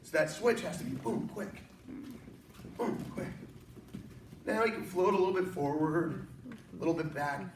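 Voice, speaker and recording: A man whose voice sits high coaches an online martial arts workout at a moderate pace, pausing often, with energetic, encouraging jokes. The room is echoey, the mic is at a distance, and faint noise comes through.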